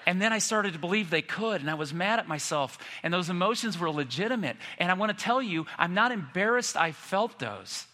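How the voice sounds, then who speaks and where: A pastor in his fifties preaches with animated, self-deprecating storytelling. His voice is bright and slightly high for a man. The sound carries the long reverb of a church hall. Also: brisk, hardly any pauses. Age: 50s. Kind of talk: sermon.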